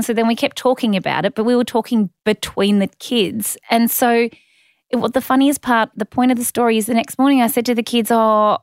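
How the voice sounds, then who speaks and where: A woman's voice: on the high side, clear, resonant tone, no echo, clean studio sound. A woman hosting a podcast, chatting casually and laughing through her stories. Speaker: podcast host.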